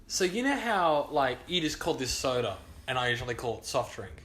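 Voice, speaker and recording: A man's voice: mid-range voice, very animated, a little fast, a bit bright. A young man, co-hosting a casual podcast from his own lounge room, laid-back and teasing. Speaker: podcast co-host. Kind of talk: casual chat. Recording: echoey home room.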